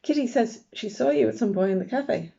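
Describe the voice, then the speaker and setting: A woman voicing a brisk, teasing mother who runs a hotel, in a dull lo-fi recording. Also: fairly high pitch, creaky, mellow. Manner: brisk, matter-of-fact, teasing. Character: busy hotel-owning mother, dry and teasing.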